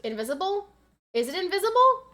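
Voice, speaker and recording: Bright-voiced chatty American woman streamer. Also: extremely high pitch, sing-song, a little fast. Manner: chatty, reads chat aloud, gets loud and frantic in fights. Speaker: game streamer. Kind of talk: casual live-stream chat while gaming.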